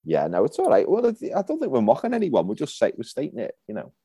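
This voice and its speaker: A man's voice: mid-range voice, wildly swooping pitch, fast talker, dark tone, slightly rough, no room sound, studio quality. A man in his thirties co-hosting a podcast in a laid-back, joking way, trailing off and restarting his sentences. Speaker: podcast co-host. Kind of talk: casual chat.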